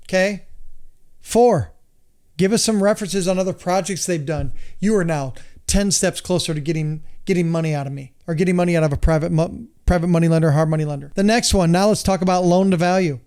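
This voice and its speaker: A man's voice: sits high, fairly quick, a little mellow, clean tone. A middle-aged man from the United States, a real estate investor and lender, teaching in an emphatic, exasperated, repetitive way. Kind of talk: instructional monologue.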